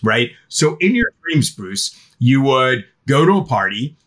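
In a podcast interview, a middle-aged man appears as a guest expert on raising teenagers. He talks animatedly in a mid-range voice and never rushes.

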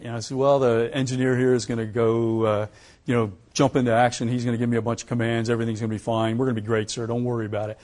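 An older American man, a retired pilot, giving a lecture and telling stories from his career, acting out the dialogue with lively chuckles. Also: medium pitch, rapid-fire. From United States. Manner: animated storyteller who acts out quoted dialogue, chuckling. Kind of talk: anecdotal lecture storytelling.

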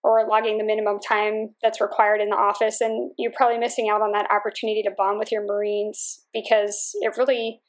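A young adult woman, a Marine officer, giving a measured, reflective interview answer with everyday fillers. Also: medium pitch, flat delivery.

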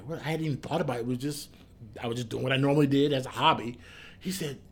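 A fast, mid-range male voice with a breathy edge tells interview stories from his past as a US Army soldier and Korean linguist. He recounts things in a lively way, dramatizes the dialogue he quotes, and often repeats or restarts his sentences.

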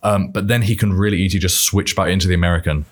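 A young British man with a very low voice talks loosely on a podcast. He rambles, restarts and laughs along the way. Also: fairly even intonation, racing. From Britain. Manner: rambling, self-correcting, laughs often. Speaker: podcast guest. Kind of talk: casual chat.

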